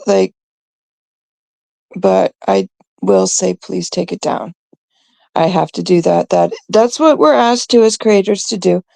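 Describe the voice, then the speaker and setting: A woman from Canada, hosting her own live stream, rants bluntly and with exasperation. Her voice is heavily gravelly and mellow, and her delivery is slow and drawn out, with many fillers and pauses. The sound is dry and close. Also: on the low side, no echo. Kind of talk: ranting live stream commentary.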